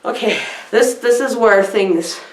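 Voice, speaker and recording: A woman giving a rambling comic film review, loud and scattered, jumping between silly asides and squealed quotes. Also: a little high, measured pace, echoey room. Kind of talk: rambling deadpan comedy review.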